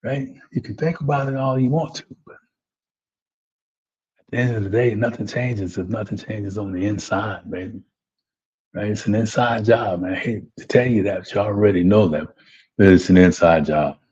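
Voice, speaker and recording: Motivational coach guy, low husky voice, keeps saying right? and man, kinda muffled lo-fi audio. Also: moderate pace, darkish tone. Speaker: life coach hosting a live webinar. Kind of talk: motivational talk to viewers. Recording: dull lo-fi audio.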